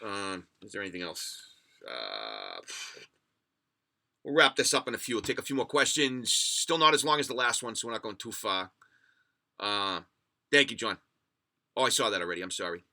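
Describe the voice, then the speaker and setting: A man's voice: lowish voice, big pitch swings, moderate pace, creaky, pauses often, bright, forceful tone. A man from the United States hosting a livestream podcast, rambling and swearing as he tells stories and reads chat comments. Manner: rambling, profane storyteller reading chat comments.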